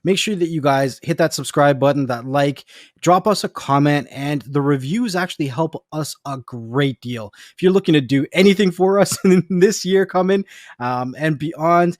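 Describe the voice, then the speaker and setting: A man's voice: a little high, moderate pace, no room sound, clean studio sound. A man hosting a casual podcast, talking in a hyped, slangy way. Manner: hype, slangy. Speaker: podcast host. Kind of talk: casual chat.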